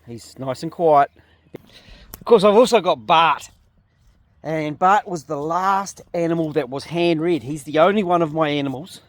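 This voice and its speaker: Chatty New Zealand farmer outdoors. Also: male voice, fairly high pitch, no room sound. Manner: chatty, talks to his animals while explaining. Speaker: sheep farmer and video host. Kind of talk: casual outdoor farm vlog. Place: outdoors on a farm paddock.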